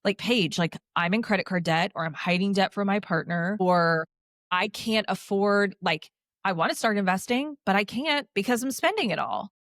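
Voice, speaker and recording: A woman in her thirties, appearing as a podcast guest, tells her story in a chatty, casual way, animated and full of "like" and sarcastic asides. Her voice is medium in pitch at a normal speed, recorded at studio quality with no echo.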